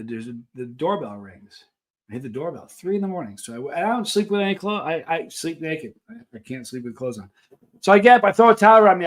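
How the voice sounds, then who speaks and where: A middle-aged man hosting a live stream, telling long personal stories in a casual, rambling way with frequent restarts. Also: on the high side. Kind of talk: casual storytelling to a live chat.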